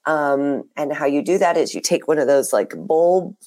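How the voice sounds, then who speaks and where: Raspy sick-sounding lady hosting a podcast, kinda low pitched, gets really animated. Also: moderate pace. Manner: animated, swings up high when fired up. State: hoarse from a cold. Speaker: podcast co-host. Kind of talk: casual chat.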